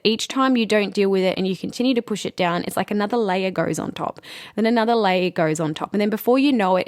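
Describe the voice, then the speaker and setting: A woman speaking openly and earnestly in a personal podcast monologue as a spiritual host, with soft laughs and fillers. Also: mid-range voice, no echo, clean studio sound.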